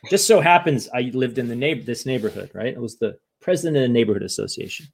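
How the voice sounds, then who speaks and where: Animated man telling a story. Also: mid-range voice, quick pace, creaky, husky. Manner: animated, acts out quoted voices; fillers and tag questions. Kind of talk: casual storytelling.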